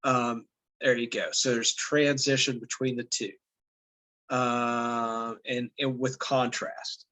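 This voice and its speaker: A man's voice: mid-range voice, little pitch movement, slow, bright, forceful tone, low-quality recording. A man teaching a class, reading passages aloud and explaining them casually with many fillers. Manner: thinks aloud with fillers, reads passages then comments.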